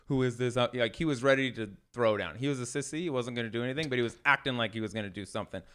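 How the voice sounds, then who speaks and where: A man's voice: mid-range voice, very fast, a bit bright, smooth. A man co-hosting a casual sports podcast in a studio, telling rambling anecdotes and correcting himself as he goes. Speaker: podcast co-host. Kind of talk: casual storytelling chat.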